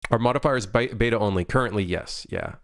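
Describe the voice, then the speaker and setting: A young man, a game developer on a livestream, talking loosely and haltingly with many fillers while reading viewer chat aloud. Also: fairly low pitch, a bit bright, no room sound.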